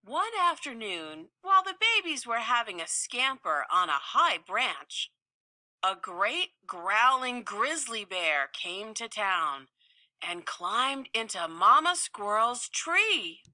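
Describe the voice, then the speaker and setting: A woman reading a children's story aloud with slow, playful, expressive delivery. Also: fairly high pitch, dry recording, clean studio sound.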